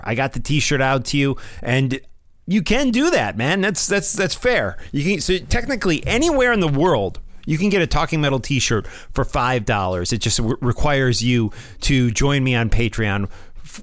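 A man's voice: medium pitch, dry recording, studio quality. A man hosting his own podcast in a casual solo talk from a room at home, chatty and loose, often repeating himself and calling listeners "man". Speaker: podcast host. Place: room at home with family nearby.

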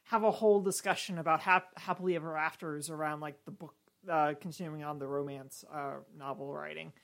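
Animated laughing woman podcast co-host. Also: low voice, a little fast. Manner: animated, exasperated, laughs a lot. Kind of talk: casual chat.

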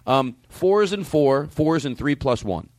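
Animated man rambling in a dry room. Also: dry recording. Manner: loose, rambling, quick swings up in pitch when riled. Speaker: comedian and podcast host. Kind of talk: casual chat.

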